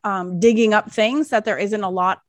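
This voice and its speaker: A woman in her forties, co-hosting a podcast in casual chat, talking in an animated, rambling way with frequent laughs. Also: mid-range voice, normal speed, no room sound. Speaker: podcast co-host.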